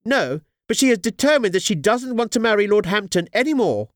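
A man voicing a shrill, agitated noblewoman, the bride's mother, in an audiobook. He speaks in a hushed, urgent way. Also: very animated, a little fast, no room sound, clean studio sound.

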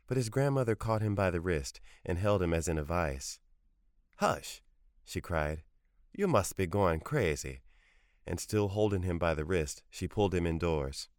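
A man reading a short story aloud in a measured, even storytelling manner. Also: low-pitched, no echo, studio quality. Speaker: narrator.

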